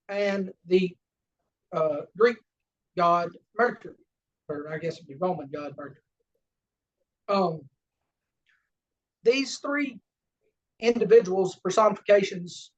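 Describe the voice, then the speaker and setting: A man with a Southern American accent giving an unscripted lecture, halting often with fillers and self-corrections. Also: sits high. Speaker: lodge education lecturer. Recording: distant, dull lo-fi room recording.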